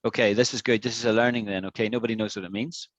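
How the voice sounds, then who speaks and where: A man's voice: on the low side, fairly even intonation, racing, dry recording, rough recording. A man teaching an online English lesson, patiently explaining with repeated examples.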